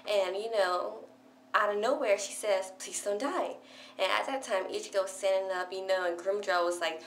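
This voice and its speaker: A young woman excitedly recapping a favorite show in a casual vlog, gushing and peppering her talk with "like". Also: mid-range voice, normal speed. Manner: gushing, breathless fan chatter full of "like". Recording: echoey room with faint hum.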